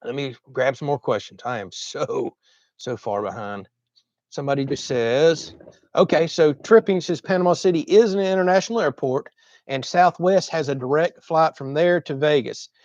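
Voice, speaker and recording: A man's voice: on the high side, normal speed, a little mellow, no room sound, dull audio. A man with a Southern US accent from Florida, casually chatting on a livestream as host and reading viewer comments. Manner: chatty, drawling, laughs often.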